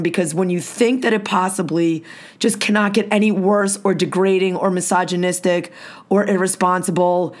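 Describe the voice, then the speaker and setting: Woman, casual chat, ranting, swears a lot. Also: medium pitch. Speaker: podcast co-host.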